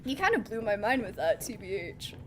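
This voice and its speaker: A woman's voice: fairly high pitch, big pitch swings, brisk, noisy background. A woman streaming a video game, chatting casually and playfully with her chat and laughing often. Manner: chatty, giggly, playful, reads chat aloud. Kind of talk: casual live-stream chat while gaming.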